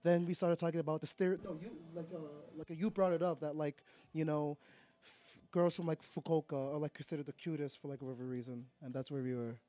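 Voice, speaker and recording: A young man from New York co-hosting a podcast, rambling excitedly with lots of fillers. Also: a little high, brisk. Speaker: podcast co-host. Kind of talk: casual chat.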